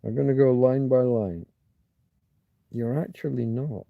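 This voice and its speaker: A man's voice: medium pitch, measured pace, vocal fry, no room sound, narrow, tinny audio. A man hosting a loose livestream, thinking aloud and muttering asides as he reads viewers' chat. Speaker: livestream host. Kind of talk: rambling live chat with viewers.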